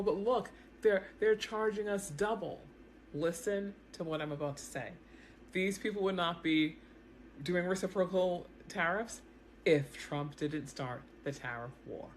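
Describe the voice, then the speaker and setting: Animated woman explaining to camera. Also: deep voice, normal speed, a little hiss or hum. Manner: animated, repeats words, talks straight to viewers. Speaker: news commentary vlogger. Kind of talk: casual explanatory commentary to camera. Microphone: self-recorded camera setup.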